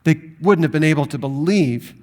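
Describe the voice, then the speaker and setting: A man teaches from the Bible to a live audience in a fairly high voice. He is emphatic and animated, and he leans on rhetorical questions to drive his points home. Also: moderate pace. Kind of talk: lecture to an audience.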